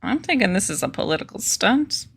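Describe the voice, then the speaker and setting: A woman's voice: mid-range voice, very animated, a little fast, vocal fry, a bit bright, breathy edge. A woman hosting a casual political commentary stream, reading news aloud with sarcastic, chatty asides to her viewers.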